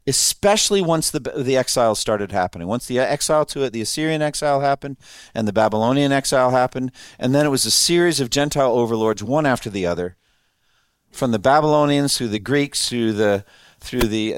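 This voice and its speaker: A man's voice: medium pitch, no echo, clean studio sound. A man preaching a sermon in a conversational way, laughing often and asking his listeners questions. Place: room with an audience.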